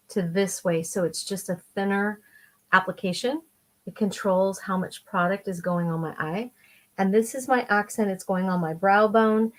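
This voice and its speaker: A woman's voice: medium pitch, fairly bright tone. A middle-aged woman giving a chatty, enthusiastic makeup tutorial while she applies her eyeshadow. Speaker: makeup vlogger.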